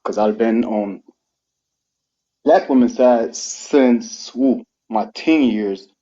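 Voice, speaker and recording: A man's voice: mid-range voice, slow, dark tone. Earnest man, thirty, on a muffled live stream. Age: 30s. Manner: earnest, rising to heated and pleading. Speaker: guest speaker on a live stream. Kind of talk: emotional live-stream monologue.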